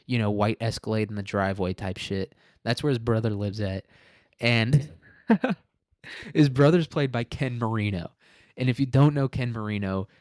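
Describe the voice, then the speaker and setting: A man's voice: fairly low pitch, a little mellow, no room sound, studio quality. A man hosting a podcast alone, telling rambling stories in casual, profane talk and laughing often. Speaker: podcast host. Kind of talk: casual solo podcast monologue.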